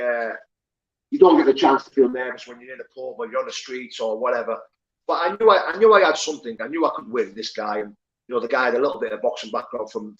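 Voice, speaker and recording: With a medium-pitched voice and the upper frequencies cut off, a man who was once a prisoner and is now a pro fighter shares his life story as a guest. He's candid, profane, and rambling, leaning heavily on fillers.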